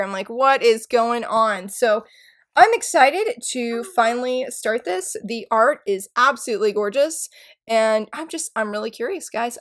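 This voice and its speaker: A woman in her thirties chatting excitedly in a casual book vlog, gushing and rambling about what she loves. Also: a little high. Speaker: book YouTuber.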